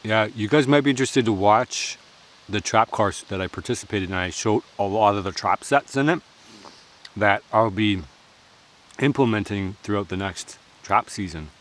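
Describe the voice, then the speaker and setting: A man's voice: lowish voice, normal speed, fairly bright tone. A man chatting casually while cooking at an outdoor forest camp, joking and laughing often.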